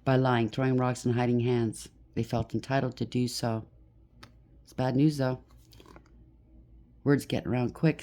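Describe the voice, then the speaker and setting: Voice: medium pitch, dark tone. A tarot reader giving a casual, blunt and emphatic reading, stacking up lists of labels.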